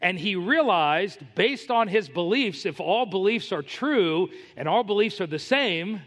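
A man's voice: sits high, animated, measured pace, fairly bright tone, big-room sound. A man preaching a sermon as pastor, emphatic and telling stories to make his points.

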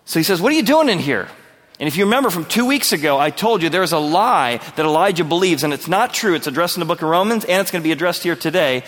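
A man's voice: on the high side, animated, quick pace, hardly any pauses, a bit bright, in a large hall. A male pastor preaching a verse-by-verse sermon in an earnest, conversational way, asking his listeners questions.

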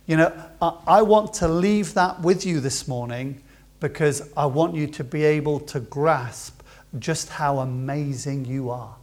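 Male pastor, sermon delivery, slightly high pitch, impassioned with big swings in volume. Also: a little slow. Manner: impassioned, swings between loud emphasis and quiet asides. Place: church.

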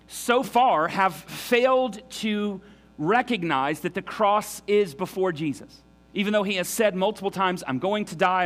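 A man's voice: a little high, a bit bright. A man preaching a sermon in an earnest, emphatic way, often restarting his sentences. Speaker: pastor.

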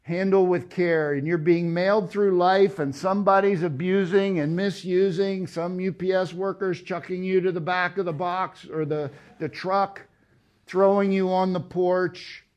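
A man preaching a sermon, emphatic, with rhetorical questions and loud stressed words. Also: high voice, fairly even intonation, measured pace, lo-fi sound. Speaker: pastor. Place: church.

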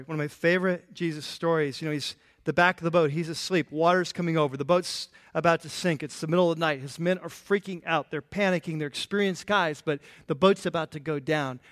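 A man preaching a sermon as a pastor, animated and playful, acting out the voices in the stories he tells. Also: a little high, fairly quick, hardly any pauses. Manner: animated, playful, acts out quotes.

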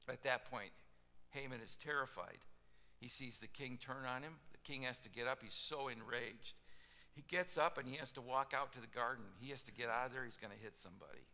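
A man preaching a sermon, retelling a scripture story with casual asides and lively voiced quotes. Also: medium pitch, moderate pace, in a large hall. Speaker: pastor.

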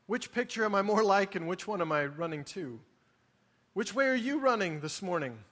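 Earnest high-voiced preacher in a reverberant hall. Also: male voice, animated, moderate pace. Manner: earnest, pleading, swings between quiet and emphatic. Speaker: pastor. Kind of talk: sermon. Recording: long reverb of a large hall.

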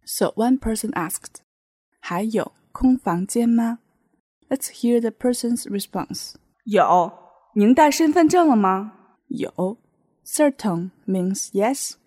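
Slow, mellow-voiced woman teaching. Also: medium pitch, breathy edge, no room sound. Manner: patient, explains with many example sentences. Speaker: language teacher. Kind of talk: podcast language lesson.

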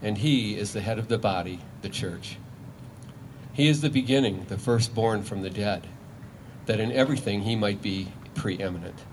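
A man with a fairly low voice reads a scripture passage aloud during a church service. His delivery is measured and formal, with faint noise in the background. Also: rough recording. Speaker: scripture reader.

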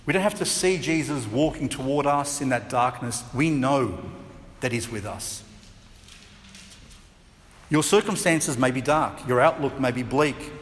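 A man preaching a sermon as pastor, chatty and lively, now and then acting out voices with a laugh. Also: mid-range voice, a little slow, pauses often, long reverb tail, slight background noise. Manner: conversational, acts out voices and laughs.

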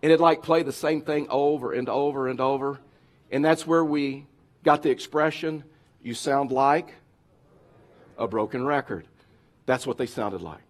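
A man's voice: medium pitch, steady tone, moderate pace. A man preaching a sermon as pastor, emphatic and repeating his key phrases again and again.

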